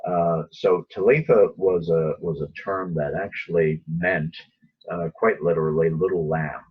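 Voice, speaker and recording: Very deep, husky man teaching the Bible. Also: steady tone, a little slow. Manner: conversational, acts out quoted lines. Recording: dull lo-fi recording.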